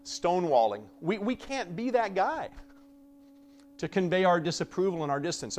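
A man preaching a conversational sermon, swinging between loud emphasis and soft asides and acting out quoted voices with humor. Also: high-pitched, big pitch swings, moderate pace, slight background noise.

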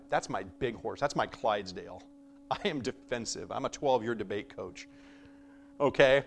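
A male preacher delivering a casual, conversational sermon at an average pitch. He swings from loud, emphatic lines to hushed asides and slips into playful voices to act out everyday quarrels. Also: slight background noise. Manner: animated, acts out quoted voices with humor; shifts between loud emphasis and soft asides.

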